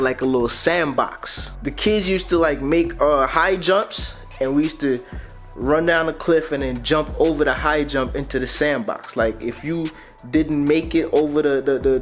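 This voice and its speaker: A man's voice: on the high side, fairly bright tone. A young man from Grenada with a Grenadian Caribbean accent mixed with American slang, telling a casual storytime in a loose, conversational way. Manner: loose and conversational, laid-back slang, frequent "you feel me". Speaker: vlogger.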